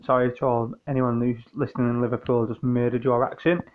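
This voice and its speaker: A man's voice: medium pitch, level tone, fast talker, hardly any pauses, narrow, tinny audio. A British man hosting a casual monologue, answering listener questions in a joking, profane, meandering way with lots of restarts. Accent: British English.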